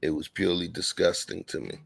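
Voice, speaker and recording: A man's voice: sits low, a little fast, creaky, no room sound. A man co-hosting a talk show, giving emphatic, slangy commentary in a casual chat. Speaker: podcast co-host.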